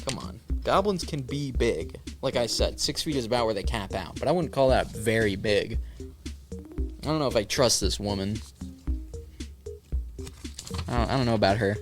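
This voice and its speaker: A man's voice: fairly low pitch, normal speed, pauses often, music in the background. A man hosting a solo podcast in casual chat, riffing sarcastically and swearing freely. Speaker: podcast host.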